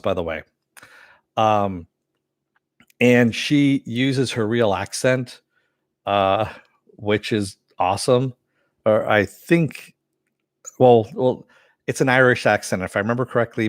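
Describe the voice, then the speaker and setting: A man giving a casual spoken review of an animated series, rambling with many fillers and self-corrections, and answering chat as he goes. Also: on the low side, no echo, clean studio sound. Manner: reads and answers live chat.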